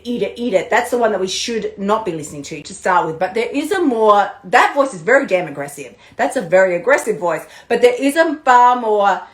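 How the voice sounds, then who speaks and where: A woman in her thirties, a weight-loss coach giving an animated, chatty pep talk on a live stream, laughing often and swearing lightly. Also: mid-range voice. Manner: bubbly and animated, with frequent laughs and mild swearing. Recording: roomy echo.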